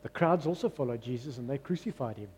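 A man's voice: mid-range voice, lively intonation, quick pace, darkish tone, big-room sound, a little hiss or hum. A man preaching a sermon in a church, emphatic and repeating his key phrases. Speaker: pastor.

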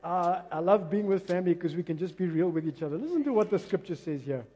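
A man preaching a passionate, emphatic sermon that swings between loud and quiet. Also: high voice, lively intonation, fast, slightly rough. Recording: long reverb of a large hall.

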